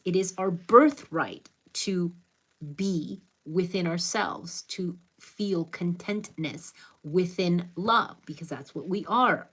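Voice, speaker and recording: Her mid-range voice is bright and forceful as she hosts a live stream, greeting viewers by name. A middle-aged woman from the United States with a Hispanic Latin accent, she gives sincere, reflective spiritual advice.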